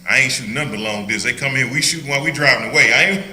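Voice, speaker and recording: A man's voice: mid-range voice, rapid-fire, pushed and bright, roomy sound, poor audio. An older man leading an informal Bible study as a pastor, joking and laughing often as he teaches. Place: church hall.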